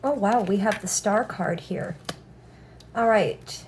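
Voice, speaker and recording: Slight background noise accompanies a woman's medium-pitched, slightly mellow voice as she takes her time with a casual tarot reading. She's outspoken and profane, saying "all right" constantly.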